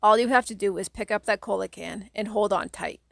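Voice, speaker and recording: A woman's voice: medium pitch, fairly quick, vocal fry, no echo, studio quality. A woman voicing a cunning, evil female genie who smirks and gives orders. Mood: menacing. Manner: smirking, commanding.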